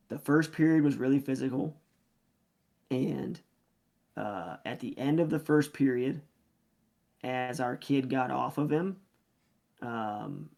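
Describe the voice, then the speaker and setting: A man's voice: medium pitch, vocal fry, a little mellow. A man who coaches youth wrestling, telling a story casually on a podcast, acting out the quoted lines with lots of fillers.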